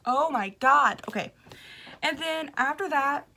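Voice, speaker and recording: Young woman, bright voice, unhurried gushing chatter, vlog storytelling. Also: sits high, creaky, a little hiss or hum. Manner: gushing, excitable, with laughs and self-interruptions. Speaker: vlogger. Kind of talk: casual storytelling to camera.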